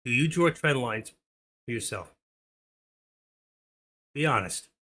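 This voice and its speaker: A man's voice: mid-range voice, expressive, slow, pushed and bright. A middle-aged man hosting a stock trading livestream, chatting casually and talking to viewers by name. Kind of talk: casual live-stream chat while trading.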